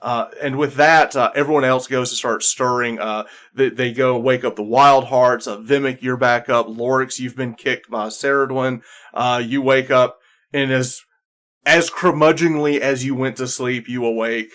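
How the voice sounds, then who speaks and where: A man's voice: medium pitch, steady tone, moderate pace, a bit bright. Man narrating a tabletop game. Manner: descriptive second-person narration, many restarts. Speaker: game master.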